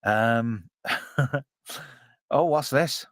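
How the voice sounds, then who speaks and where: A man's voice: mid-range voice, extremely slow, fairly bright tone, dry recording, studio quality. A man hosting a casual live film watch-along, chatty and jokey with lots of fillers. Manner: chatty, jokey, filler-heavy, reads chat aloud. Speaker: podcast host watching a film with chat.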